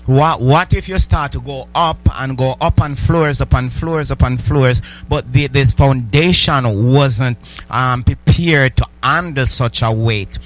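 A man preaching a sermon. His voice sits at an ordinary middle pitch. He often stumbles and repeats words as he builds his points, and he keeps asking his listeners questions. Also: a little slow. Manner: repetitive stammering restarts, rhetorical questions to the congregation.

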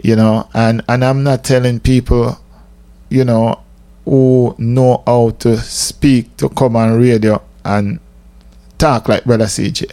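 A man's voice: mid-range voice, steady tone, slow, mellow. A man with a Jamaican accent, a radio host giving an emphatic casual monologue that mixes patois with English.

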